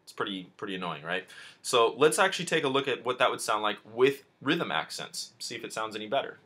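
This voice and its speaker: A man's voice: lowish voice, big pitch swings, brisk, sharp tone. A man teaching a beginner guitar lesson in a chatty, informal way, talking straight to the viewer. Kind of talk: casual video lesson. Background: guitar playing.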